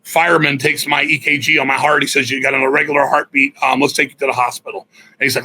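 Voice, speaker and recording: A middle-aged man, a guest musician, telling stories in a blunt, profane, animated way. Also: on the high side, quick pace, husky, poor audio. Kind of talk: casual storytelling interview.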